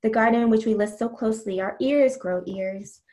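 A woman poet giving a slow, deliberate reading of her own poems, with casual asides and ums between them. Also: on the high side, mellow. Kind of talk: poetry reading.

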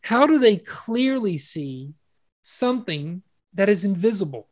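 A man's voice: high-pitched, measured pace, no room sound. Enthusiastic preacher man, dry close sound. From Western country. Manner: enthusiastic, animated, with rhetorical questions to the congregation. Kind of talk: conversational sermon.

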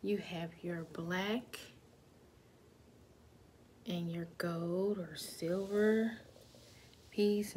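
A woman selling jewelry in a vlog, slowly naming each piece and now and then dropping to a whisper. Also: lowish voice, vocal fry, dark tone, slight background noise. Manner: slow, repetitive, drops to whispers at times. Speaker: jewelry seller. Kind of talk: product showcase vlog.

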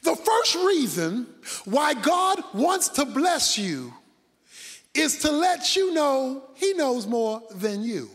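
A man preaching a sermon, dramatic, swinging between loud shouts and hushed asides. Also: very high-pitched, very animated, slow pace, in a large hall.

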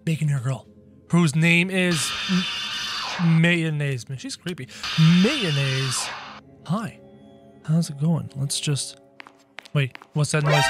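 A man hosting a gaming video with excitable, theatrical commentary, often yelping and shrieking. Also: on the high side, slow pace, pauses often, over loud music.

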